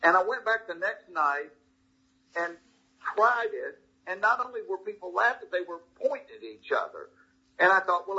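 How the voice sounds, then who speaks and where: A man in his sixties with a thick Southern accent, a comedian telling anecdotes in a folksy, animated way during a casual interview. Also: high voice, husky, muffled recording. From Georgia, US. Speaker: comedian guest.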